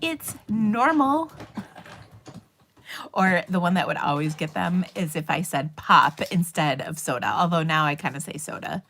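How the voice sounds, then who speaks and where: A woman's voice: low-pitched, normal speed, vocal fry, sharp tone. A middle-aged woman with a Minnesotan accent, chatting casually and rambling on her craft livestream, with fillers and laughs. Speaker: papercraft livestream host.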